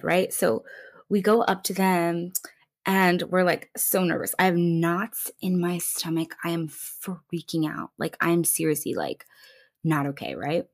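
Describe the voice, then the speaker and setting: A young woman hosting a podcast on her own, telling a story in a casual, playful way and jumping high in pitch when she quotes people. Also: moderate pace. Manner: animated, playful, swoops high for quoted voices. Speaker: podcast host.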